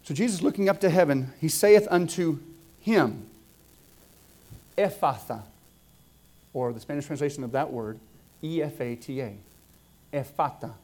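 Middle-aged man preacher, somewhat high-pitched, dynamic sermon delivery with rising builds. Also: fairly quick. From Southwest Georgia, US. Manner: dynamic preaching, rising emphatic builds and soft dropped asides.

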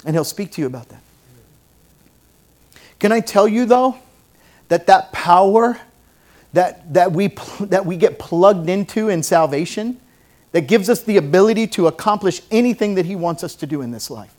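A man's voice: sits high, expressive, normal speed, long pauses, darkish tone. A middle-aged man preaching a sermon, folksy and joking at times, building to fervent preaching. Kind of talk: sermon with object lesson.

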